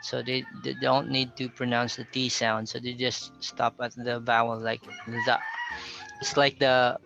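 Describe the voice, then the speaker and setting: A man from the Philippines with a Filipino English accent, teaching a pronunciation lesson and slowly modeling example phrases. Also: medium pitch, little pitch movement, gravelly, highs cut off, music in the background. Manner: slow, careful model readings of example phrases.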